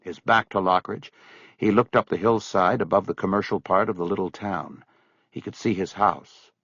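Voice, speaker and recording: Husky-voiced male audiobook narrator. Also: low-pitched, moderate pace, no echo, highs cut off. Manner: expressive storytelling. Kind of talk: scripted narration.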